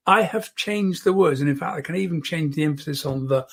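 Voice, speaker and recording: A man teaching an online public speaking lesson, demonstrating as he goes and often dropping to a soft voice close to the microphone. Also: high voice, a little fast.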